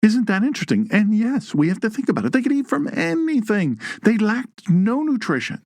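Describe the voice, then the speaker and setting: A man's voice: high voice, sing-song, fairly quick, no room sound, studio quality. A man hosting an online Bible teaching show, with a folksy, joking manner and emphatic rises on key points. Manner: folksy, jokey asides, reads live chat.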